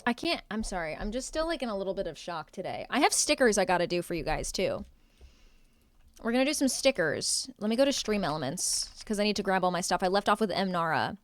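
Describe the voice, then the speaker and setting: A woman's voice: medium pitch, expressive, quick pace, no echo. A young woman live streaming from home, chatting casually with her viewers and answering their chat with playful sarcasm.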